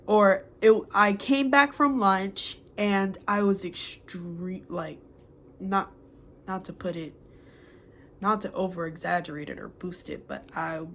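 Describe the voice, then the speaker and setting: Slow, halting young woman. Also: mid-range voice, slight background noise. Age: young adult. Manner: slow, halting and reflective, with many pauses and fillers. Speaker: former student addressing a mentor. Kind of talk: heartfelt spoken letter to camera.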